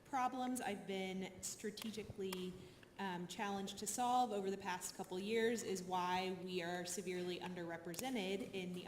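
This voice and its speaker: A woman speaking articulately and earnestly as a panelist about her college. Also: medium pitch. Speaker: assistant dean, panelist. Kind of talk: panel discussion. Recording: echoey hall, faint noise.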